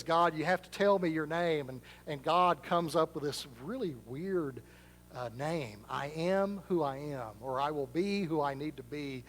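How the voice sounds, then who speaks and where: A man delivers a sermon from a church sanctuary, his voice sitting a little high for a man. Long reverb from the large hall trails behind each phrase. He preaches in a chatty, self-deprecating way. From Arkansas, US. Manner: conversational, self-deprecating storytelling. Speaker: pastor.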